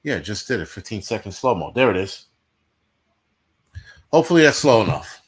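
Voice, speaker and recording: A man's voice: on the low side, sing-song, moderate pace. A man hosting a livestream, ranting bluntly and profanely to his chat in casual talk. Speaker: livestream host.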